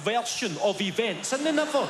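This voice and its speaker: A man in his twenties with a Glaswegian Scottish accent, doing a stand-up routine and telling stories in an animated, profane way. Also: extremely high pitch, fairly quick, background noise. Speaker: stand-up comedian. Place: live venue on stage. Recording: long hall reverb, loud ambience.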